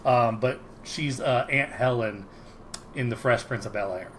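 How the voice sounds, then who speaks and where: A man's voice: medium pitch, a little slow, a bit bright, slight background noise, poor audio. Rambling man recapping a sitcom. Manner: rambling, many ums and likes, laughs often. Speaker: podcast co-host. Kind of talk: casual chat recapping a sitcom episode.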